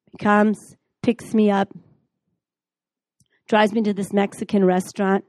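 A middle-aged woman teaches a class on the Bible, telling her own testimony like a lively storyteller. She acts out the dialogue as she goes. Her mid-range voice sounds dry and close, with no room echo. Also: medium pitch, a little slow, long pauses.

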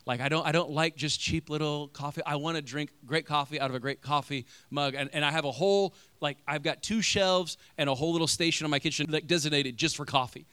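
A young male pastor giving a casual, animated sermon full of "you know" and "like", growing loud in stories and going quiet and slow in prayer. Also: on the high side, smooth, dry recording. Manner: animated storytelling, rising loud when acting out arguments; drops soft and slow in prayer.

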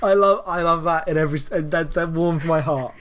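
A man's voice: on the high side, fairly bright tone, slight background noise. Jokey Englishman in casual chat. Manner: chatty, jokey, quick asides. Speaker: podcast co-host.

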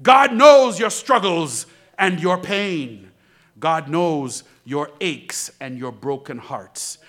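A man preaching a sermon, building to shouts and dropping to whispers, with slow emphatic repetition. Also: fairly high pitch, expressive. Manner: dramatic, swings from shouting to near-whispers.

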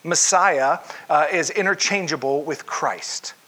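A man with a bright, somewhat high voice preaches in a church. He keeps it conversational and puts questions to the congregation as he goes. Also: slow. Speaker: pastor. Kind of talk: sermon.

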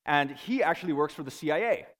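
A man giving a classroom lecture to students in a lively, conversational way, often checking in with his listeners. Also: fairly high pitch, fast talker, long reverb tail.

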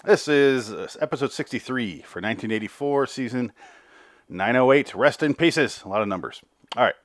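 A man's voice: mid-range voice, expressive, normal speed, no room sound, clean studio sound. A man hosting a podcast, recapping an episode in a rambling, offhand way with some swearing. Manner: rambling, profane, self-interrupting. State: slightly out of breath. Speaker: podcast host.

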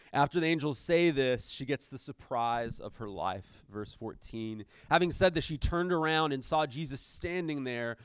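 A man's voice: medium pitch, clean tone, dry recording, studio quality. A man preaching a conversational sermon, reading scripture aloud and stopping to explain it with casual asides and fillers. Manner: shifts between reading aloud and lively commentary. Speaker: pastor.

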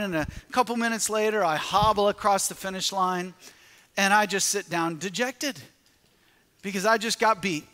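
A man preaching a sermon, telling a personal story in an animated way and acting out his own reactions. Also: sits high. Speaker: pastor. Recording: echoey hall with long reverb.

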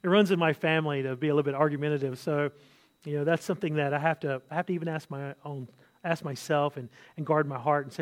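A man's voice: fairly high pitch, steady tone, fast talker. A married man preaching a sermon as pastor, earnest, repeating key phrases and often restarting his sentences. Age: adult, married.

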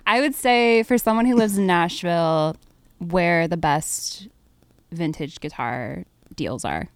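Lower-pitched woman, casual podcast guest, loose and chatty, dry close mic. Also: animated, slow, dry recording. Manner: laid-back, many fillers, laughs easily. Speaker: podcast guest, audio engineer. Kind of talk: casual chat.

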